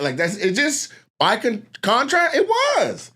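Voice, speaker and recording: Male, 30s, stand-up storyteller; profane, animated, slips into voices. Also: high-pitched, moderate pace, few pauses. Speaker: comedian telling stories. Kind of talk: casual storytelling.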